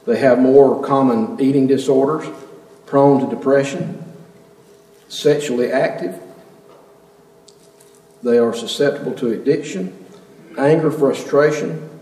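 Male pastor, mid-pitched, earnest sermon delivery with rhetorical questions; roomy church sound, off-mic. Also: a little slow, pauses often, mellow. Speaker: preacher. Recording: echoey hall, mic at a distance.

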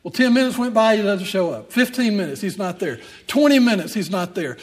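High-voiced older man preaching a sermon. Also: expressive, brisk. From Texas. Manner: storytelling, humorous asides, rising emphasis. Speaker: pastor. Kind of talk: sermon with personal story.

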